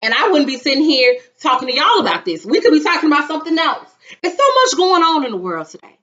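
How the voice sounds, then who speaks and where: A woman's voice: sits high, fast, few pauses. A young woman, telling a story in casual, dramatic vlog chat. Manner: animated, dramatic retelling with acted-out quotes. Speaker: vlogger. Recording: dull lo-fi sound.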